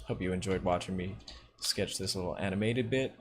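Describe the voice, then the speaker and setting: A man's voice: sits low, fairly quick, background noise. A young man with a Long Island accent, chatting casually on his livestream and laughing easily. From Long Island, New York. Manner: laughs often, relaxed and jokey. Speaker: livestream host.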